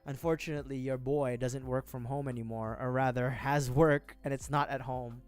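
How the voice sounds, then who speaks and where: A young man from the Philippines talks through a livestream in a loose, rambling and self-deprecating way. His voice sits at an ordinary middle pitch, with faint music playing underneath. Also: fairly even intonation, normal speed, clean tone. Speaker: livestreamer building a model kit. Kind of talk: casual chat.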